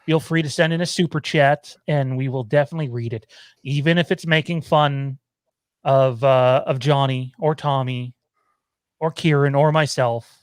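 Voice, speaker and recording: A man's voice: mid-range voice, fairly even intonation, moderate pace, clean tone, no room sound. A man hosting a casual live show over a video call, running down the lineup in upbeat, teasing patter. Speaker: host.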